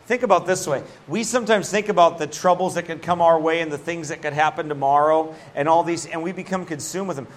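Male pastor, conversational sermon, slightly high voice, lively and chatty. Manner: conversational, animated preaching with laughs and asides.

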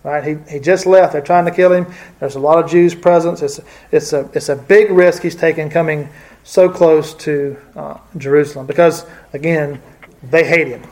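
A man's voice: fairly high pitch, fairly even intonation, normal speed, darkish tone. A man teaching a casual Bible study, talking hesitantly with many fillers and restarts.

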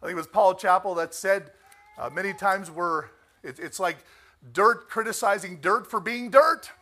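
High-voiced preacher calling out for amens. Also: male voice, normal speed. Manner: emphatic, rising to near shouts on key phrases; asks the congregation for amens. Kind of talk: sermon.

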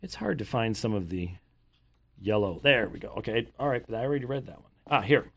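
A man's voice: mid-range voice, animated, fairly quick, vocal fry, fairly bright tone, a little hiss or hum. An older man preaching, reading long quoted passages and breaking off with pointed rhetorical questions and sarcastic asides. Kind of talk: sermon reading aloud from historical sources.

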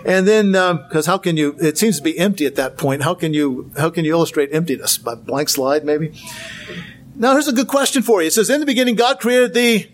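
A man's voice: fairly high pitch, brisk. A man giving a Bible lecture with slides, earnest, asking rhetorical questions and repeating words for emphasis. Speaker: Bible teacher.

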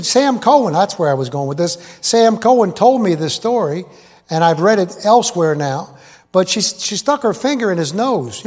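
High-voiced preacher man in an echoey hall. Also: a little mellow. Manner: folksy, digressive, quizzes the audience. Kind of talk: rambling sermon with jokes and asides. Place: large hall with live congregation.

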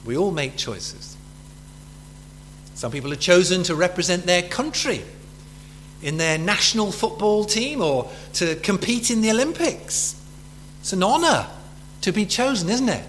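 A man's voice: high voice, expressive, unhurried, long pauses, a bit bright, a little hiss or hum. A man preaching a sermon in a chatty way, full of rhetorical questions to his listeners.

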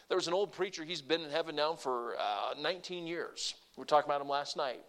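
A pastor with a slightly high voice preaches to his congregation in an easy, conversational way. He asks them questions and pushes certain words louder or slower for emphasis, then drops back down again. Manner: varies loudness and pace for emphasis. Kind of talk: sermon.

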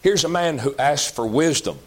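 A man preaching a sermon in a folksy, emphatic way, jumping to loud outbursts and dropping to low, slow asides. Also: lively intonation. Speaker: pastor.

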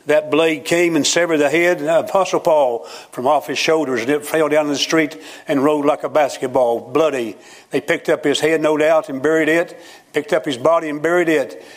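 Older male preacher, slightly high voice, folksy sermon delivery with scripture quotes.

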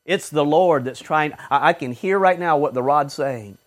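A man preaching a sermon, fervent, swinging from loud exhortation to low murmurs and acting out short quoted voices. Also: normal speed, hardly any pauses.

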